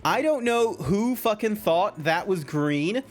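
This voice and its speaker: Lively Australian man streaming games. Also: high voice, slow pace. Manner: animated, swears freely, reads game dialogue aloud. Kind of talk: casual game commentary.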